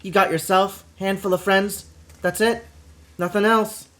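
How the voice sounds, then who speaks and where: A man's voice: high-pitched, steady tone, measured pace, a bit bright, voice pushed up. A man voicing a brash, blunt orc woman in a video game, speaking in a raised, mocking voice during a live stream. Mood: blunt, scornful. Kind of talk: live-streamed game dialogue read aloud.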